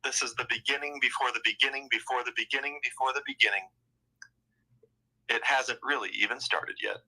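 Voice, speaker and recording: A man's voice: mid-range voice, fairly even intonation, a little fast, bright, forceful tone, breathy edge, poor audio. A man speaking casually as a guest on a live online audio call, rambling and repeating phrases.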